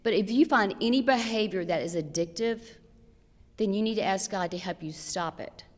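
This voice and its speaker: A woman's voice: medium pitch, normal speed. Earnest woman giving church advice. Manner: earnest, direct, emphatic advice with rhetorical questions. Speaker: church women's speaker. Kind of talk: practical marriage talk to a church audience. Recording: long hall reverb.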